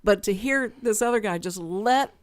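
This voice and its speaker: A woman with a mid-range voice, speaking at a normal pace, co-hosts a community radio show from the studio, where the audio is clean and echo-free. In a casual chat she tells a story from work, animatedly acting out the voices of the people involved.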